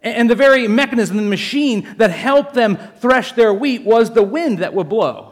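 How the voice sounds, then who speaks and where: A male pastor with a fairly high voice delivers a sermon in an animated, storytelling manner. He jokes with his listeners and calls them folks as he moves through the passage. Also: normal speed. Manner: animated, jokey storytelling addressing the congregation as folks.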